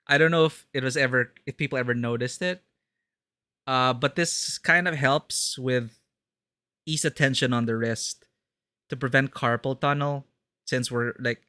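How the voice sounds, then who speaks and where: A man streaming a horror game, chatting excitedly and laughing often as he plays. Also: mid-range voice, no room sound. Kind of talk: live gameplay commentary.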